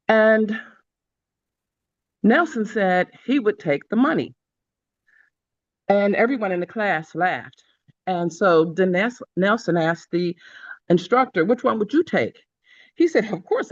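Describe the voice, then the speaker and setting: A woman sharing her reflections on a group call in a measured way, with frequent pauses and ums. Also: mid-range voice, dry recording, lo-fi sound. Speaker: call participant.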